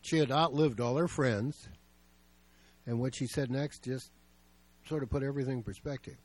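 A man's voice: medium pitch, fairly even intonation, normal speed, no room sound. A male pastor preaching a sermon, telling stories in a plain, conversational way.

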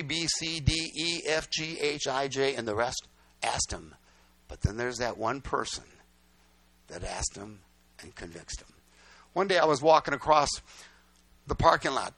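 A man's voice: mid-range voice, vocal fry, a bit bright, dry recording. An older man preaching, telling folksy stories with repeated lines and "guess what?" asides. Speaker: pastor. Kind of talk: storytelling sermon.

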